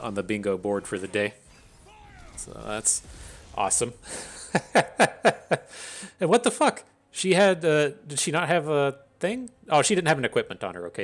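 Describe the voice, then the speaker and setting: A man commentates his own card game, thinking out loud, swearing freely and grumbling between plays. His voice is medium in pitch with a fairly bright tone, and the talk is casual gameplay commentary.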